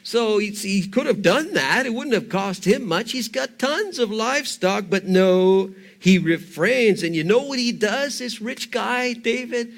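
High-voiced animated male preacher. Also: unhurried, hardly any pauses. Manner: animated, conversational, rhetorical questions to the listener. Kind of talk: sermon storytelling.

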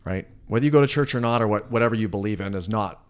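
Earnest low-voiced podcast host. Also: male voice, rapid-fire, clear, resonant tone. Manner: earnest, reflective, rambling with fillers. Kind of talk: casual conversation.

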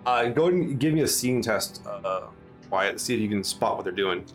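A man's voice: lowish voice, animated, a little fast, soft background music. A man running a tabletop game as game master, talking loosely with many fillers and restarts. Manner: rambling, full of fillers and restarts.

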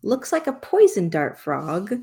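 A woman game master narrating a tabletop game in an unhurried, playful way. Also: mid-range voice, wildly swooping pitch, creaky, warm tone, husky.

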